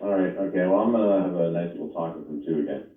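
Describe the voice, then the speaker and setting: A man's voice: deep voice, fast talker. A man hosting a podcast, on a phone call, asking skeptical, probing questions. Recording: echoey phone line from far off.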